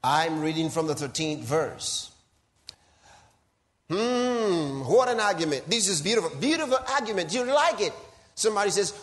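This pastor's voice is high and his pace a little slow as he preaches in a playful, teasing, animated style. He laughs frequently, moving back and forth between quiet asides and loud exclamations.

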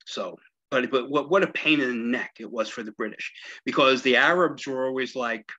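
A man's voice: mid-range voice, moderate pace, pushed and bright, dull audio. A man giving a conversational history lecture at a library, with frequent "right?" and "you see?" asides to his listeners. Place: public library meeting room.

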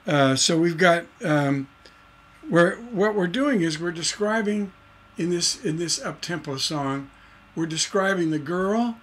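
A middle-aged songwriting instructor teaches a livestreamed lesson, explaining in a rambling way full of "uh" and restarts, and singing nonsense syllables to demonstrate rhythms. His voice is a touch high, fairly bright, and slightly rough.

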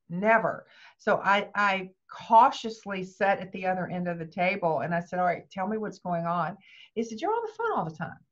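An older woman, a grandmother, speaking as a guest and telling personal stories, acting out what people said. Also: mid-range voice. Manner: lively, acts out quoted dialogue. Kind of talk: personal storytelling interview. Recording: dull lo-fi sound.

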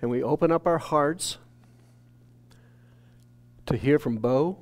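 A man's voice: on the high side, slow. A man from a church staff telling an earnest, emotional testimony in a sermon. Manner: earnest storytelling, rising to shouted quotes.

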